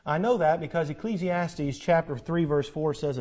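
A man preaching a sermon, swinging between loud emphatic passages and hushed, earnest ones. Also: a little high, moderate pace, few pauses. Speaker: pastor.

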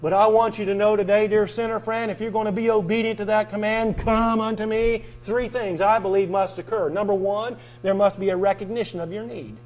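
A man preaching a sermon, emphatic and repetitive, drawing out key words and swinging from loud to quiet. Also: high-pitched, fairly even intonation, a little fast, few pauses, poor audio.

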